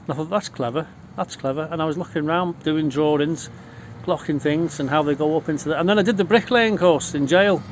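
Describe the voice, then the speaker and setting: A man's voice: on the high side, fairly quick, a little hiss or hum. Swearing Liverpool man spinning yarns. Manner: swears constantly, rowdy and boastful. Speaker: vlogger telling stories. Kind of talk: casual storytelling.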